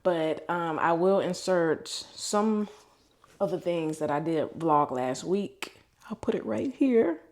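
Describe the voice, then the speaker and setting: A woman in her thirties speaks in a fairly low voice in a casual personal vlog. She is candid and open, venting her frustrations and swearing without a second thought. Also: lively intonation, slow pace, a little mellow. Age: 30s. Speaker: vlogger.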